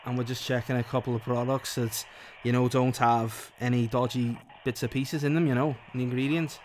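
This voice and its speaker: A man putting on a loud chummy plasterer with a shaky Geordie accent. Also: mid-range voice, flat delivery, brisk, slight background noise, lightly acted. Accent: put-on Geordie drifting toward Liverpool. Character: brash male plasterer, cheerful phone caller. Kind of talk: prank phone call.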